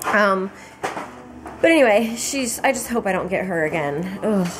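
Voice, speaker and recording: A woman's voice: mid-range voice, lively intonation, moderate pace, background noise. A young woman telling a pregnancy story to the camera in a loose, chatty way, full of fillers and acted-out quotes. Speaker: pregnant mother vlogging her pregnancy. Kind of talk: casual chat.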